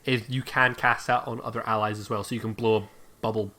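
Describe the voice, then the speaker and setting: A game master narrating a tabletop game in a relaxed, rambling way, with many fillers while reading item lists. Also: medium pitch, quick pace.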